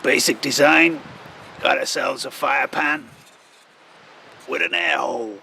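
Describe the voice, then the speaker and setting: A man voicing a grizzled old male wilderness wanderer, presenting bushcraft gear outdoors in a folksy, gravelly drawl. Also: mid-range voice, slow, sharp tone, slight background noise, exaggerated voice, poor audio. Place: outdoors by a campfire.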